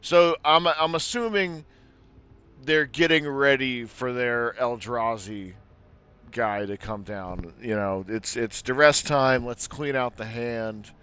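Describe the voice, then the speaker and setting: A man's voice: mid-range voice, slow, bright, forceful tone, clear, resonant tone. Joking man commentating a card game. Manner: joking, laughs at his own bits. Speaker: gameplay commentator.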